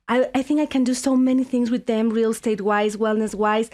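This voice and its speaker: A Mexican woman, a native Spanish speaker with a Mexican Spanish accent, hosts a podcast and tells a story in casual chat. She is animated, full of restarts and fillers, speaking fairly quickly in a high-leaning voice with few pauses.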